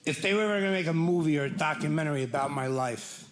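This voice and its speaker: A man doing a self-deprecating stand-up set, jumping from stammering bits to shouted punchlines. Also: fairly high pitch, fast, roomy sound. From Irish-American from New Jersey. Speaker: stand-up comedian. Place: comedy club stage with live audience.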